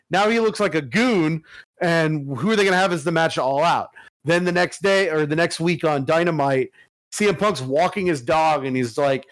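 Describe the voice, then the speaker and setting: A podcast co-host with a fairly high voice tells a long, animated story in casual chat, swearing a lot. He speaks at a normal pace, and the recording is dry but rough.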